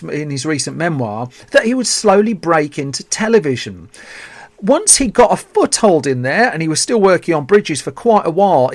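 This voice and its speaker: A man with a Birmingham English accent and a voice on the high side hosts a solo film podcast. He recounts a film's backstory chattily, full of asides and restarts, with no echo.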